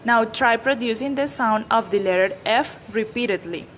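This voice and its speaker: A woman reading a scripted pronunciation lesson in a measured, explanatory way. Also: fairly high pitch, fairly bright tone, slight background noise, low-quality recording. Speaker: pronunciation teacher. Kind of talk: scripted instructional narration.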